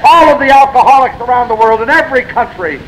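A man's voice: extremely high pitch, quick pace, a bit bright, a little hiss or hum, rough recording. A man speaking at a recovery meeting, telling his story in a blunt, self-mocking way that swings between wry and exasperated. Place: meeting room.

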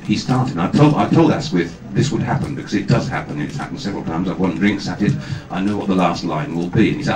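A man, a guest actor at a fan convention, telling self-deprecating anecdotes on stage with halting restarts. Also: low voice, expressive, a little mellow. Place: large hall with audience. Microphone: far camera, amateur video. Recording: echoey hall from far off, noisy amateur video.

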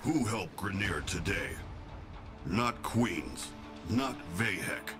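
An actor voicing a gruff male alien soldier who speaks in clipped, broken grammar in a video game. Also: sits low, animated, slow. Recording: game audio under music.

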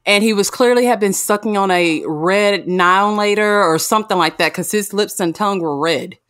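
Woman guest, frank and profane, middle-pitched, quick jokes. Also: fairly bright tone, smooth. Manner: blunt, joking, swears freely. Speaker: podcast guest. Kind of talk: casual chat.

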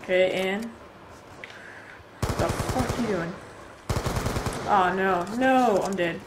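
A woman giving live gameplay commentary, excitable and swearing often, with sudden yelps when in danger. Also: medium pitch, takes it slowly, noisy background. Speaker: gaming channel host. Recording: loud game gunfire over voice. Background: game gunfire and explosions.

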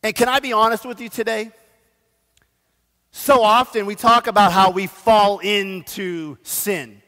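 A man's voice: high voice, steady tone, unhurried, sharp tone. A man preaching a sermon as pastor, telling stories with self-deprecating asides and urging the congregation. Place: church sanctuary. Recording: long church hall reverb.

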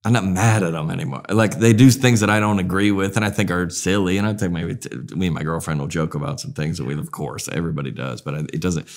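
A comedian as interview guest, talking in a rambling, animated way and acting out voices in his stories. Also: sits low, quick pace, few pauses. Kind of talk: casual interview storytelling.

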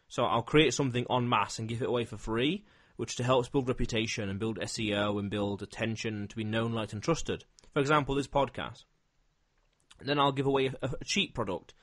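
A man's voice: medium pitch, fairly bright tone. Male host with a mid-range voice, thoughtful and methodical in conversation. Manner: reflective, explains ideas step by step. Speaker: podcast host. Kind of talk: conversational interview.

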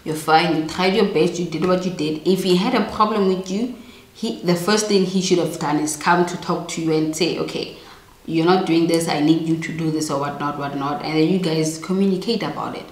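A woman's voice: lowish voice, fairly quick, echoey room, poor audio. A young woman giving blunt, emphatic relationship advice straight to the viewer in a chatty vlog. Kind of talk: casual advice monologue to camera.

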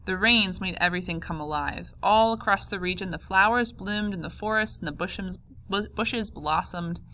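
A woman narrating a memoir audiobook in a calm, measured way. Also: medium pitch. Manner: calm, measured, first-person memoir reading. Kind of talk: audiobook reading.

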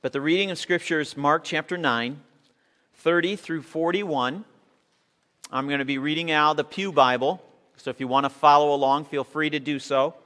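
A man's voice: fairly high pitch, normal speed, pushed and bright. A man preaching a sermon to his congregation, reading scripture aloud and leading them in a call-and-response cheer. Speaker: pastor. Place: church sanctuary. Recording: long reverb of a church hall.

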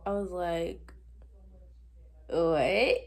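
A woman's voice: lowish voice, extremely slow. Sassy teenage girl telling a story. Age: teens. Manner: animated, sassy, talks straight to viewers. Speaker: vlogger. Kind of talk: casual storytime vlog.

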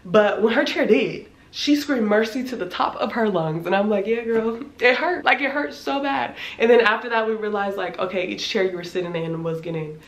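A woman in her twenties telling a casual storytime, animated and slangy, with lots of filler words and cursing. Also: medium pitch, brisk, few pauses. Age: 20s. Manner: animated, slangy, swears freely, many "like" fillers. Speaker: vlogger. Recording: echoey room.

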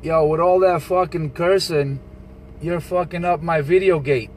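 A man with a New Jersey accent teases a rival over CB radio in a calm, mocking way. His voice sits fairly high, and there is a faint hiss under it. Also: unhurried, rough recording. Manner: taunting, laughing, calm and teasing. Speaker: CB radio operator recording his channel. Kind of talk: casual radio banter, mocking.

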